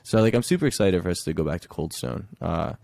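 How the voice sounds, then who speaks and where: A young man with a low, gravelly voice chats as a podcast guest, relaxed and easygoing, sprinkling "like" through his sentences. His tone is dark and mellow, and the sound is close and dry with no room echo. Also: fast. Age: young adult. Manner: laid-back, fills speech with "like". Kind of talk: casual podcast chat. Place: his childhood bedroom at home.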